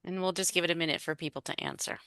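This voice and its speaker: A woman running a video session, talking briskly and reassuringly about logistics. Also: on the low side, vocal fry, bright, forceful tone, dry recording, clean studio sound. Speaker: session facilitator. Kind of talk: casual call logistics.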